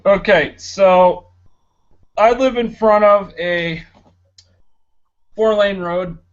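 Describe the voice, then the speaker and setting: Young guy rambling on a podcast, sarcastic, kinda high voice, dull lo-fi sound. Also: extremely slow, clean tone. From Florida, United States. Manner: rambling, sarcastic, many fillers. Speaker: podcast co-host. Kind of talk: casual chat. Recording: dull lo-fi home recording.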